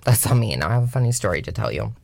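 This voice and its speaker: A woman's voice: very deep voice, big pitch swings, very fast, creaky, darkish tone, no echo. A young adult woman from Washington State, telling a casual, profane storytime with lots of filler words. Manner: chatty, profane, heavy filler "like", mocking voices in quotes. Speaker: vlogger.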